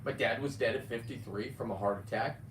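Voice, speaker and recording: A man in his fifties talking casually on a live stream, rambling with loud outbursts and frequent swearing. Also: medium pitch, fairly quick, a little hiss or hum. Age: 50s. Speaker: livestreamer reading viewer comments. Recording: echoey, distant from the mic.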